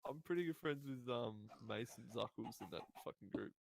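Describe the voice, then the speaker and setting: A man's voice: medium pitch, brisk, vocal fry, background noise. A man as a guest on a podcast, in laid-back casual chat with casual swearing.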